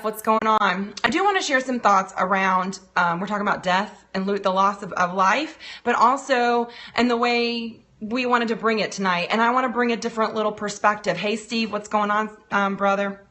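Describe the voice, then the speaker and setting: A woman's voice: medium pitch, fairly even intonation, normal speed, few pauses, bright, forceful tone. A woman coaching on a live stream, greeting viewers by name, then speaking earnestly about loss while holding back tears. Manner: earnest, heartfelt. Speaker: financial and business coach.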